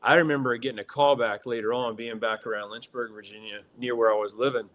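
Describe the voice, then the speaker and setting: Telling stories as a guest in a relaxed interview, this middle-aged Southern actor talks fast at a medium pitch. He gets excited easily, laughs a lot and keeps calling people "dude."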